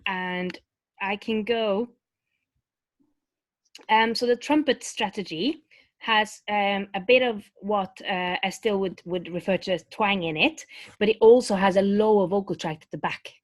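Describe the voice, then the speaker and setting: A woman's voice: medium pitch, a little slow, dry recording. A woman vocal coach explaining vocal technique in a webinar, talking loosely with many fillers and restarts. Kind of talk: webinar teaching with sung demonstrations.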